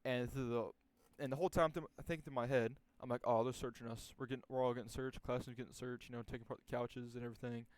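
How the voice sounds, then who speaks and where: Young male storyteller, laid-back and rambling, crude language, mid pitch, dry recording. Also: fairly even intonation, fast, few pauses, no echo. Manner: rambling, profane, many restarts and fillers. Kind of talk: casual storytelling.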